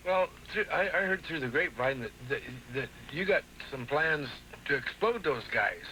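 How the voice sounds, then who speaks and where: A man's voice: on the high side, expressive, pushed and bright. Brief: male wrestling promoter, stammering and soothing, noisy old TV audio. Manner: halting, stammering, placating. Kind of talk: staged wrestling promo confrontation.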